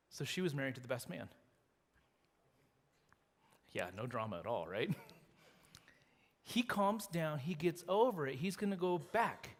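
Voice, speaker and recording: A man preaching a sermon as pastor, retelling a story in a lively, animated way with acted quotes. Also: medium pitch. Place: church sanctuary. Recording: long reverb of a church hall.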